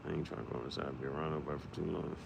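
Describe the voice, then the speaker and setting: A man's voice: rumbling low, fairly even intonation, racing, vocal fry, slight background noise. A man, rambling in a loose, joking monologue and often laughing. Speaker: vlogger.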